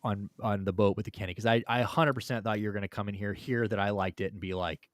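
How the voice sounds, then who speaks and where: A man's voice: fairly low pitch, steady tone, fast, no echo, studio quality. A man hosting a casual sports talk livestream, rambling and swearing, often ranting heatedly. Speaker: host.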